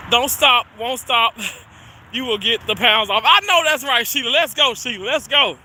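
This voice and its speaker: High, bright-voiced man chatting while walking. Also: measured pace, long pauses, slight background noise. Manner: chatty, laughs often, talks to viewers. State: slightly winded from walking uphill. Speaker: livestreamer. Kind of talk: casual walking livestream chat. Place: outdoors on a snowy city street.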